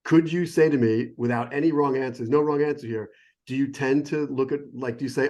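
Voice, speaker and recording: A middle-aged American man works as a sommelier and talks in a relaxed, enthusiastic way. He rambles and keeps breaking off his own sentences. His voice sits in an ordinary middle pitch. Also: a little fast. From United States. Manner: enthusiastic, digressive, self-interrupting. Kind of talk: casual explanatory chat. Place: phone or remote call.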